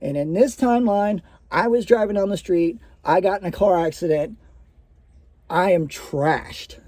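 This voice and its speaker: This high, mellow-voiced man recounts something that happened to him, at a measured pace on a dry recording. He swears freely and talks loosely, breaking off to restart lines and filling pauses with "uh" and "like."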